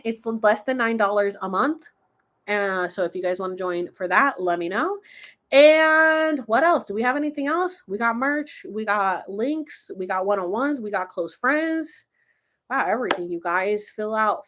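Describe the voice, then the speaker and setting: A woman's voice: mid-range voice, a bit bright. A young woman from Florida with a slight Southern twang, chatting casually and rambling cheerfully as she wraps up her livestream. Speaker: livestream host.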